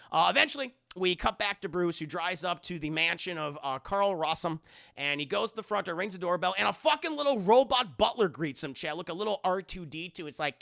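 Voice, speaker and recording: A male streamer recapping a cartoon scene by scene for his chat, excitable and crude. His voice sits high and bright with a gravelly fry running through it. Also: brisk.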